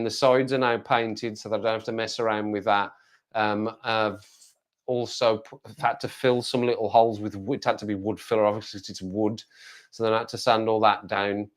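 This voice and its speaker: A man from the West Midlands with a Black Country accent, chatting casually on a live stream and rambling as he answers viewer comments. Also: mid-range voice. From West Midlands, England. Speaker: livestreamer.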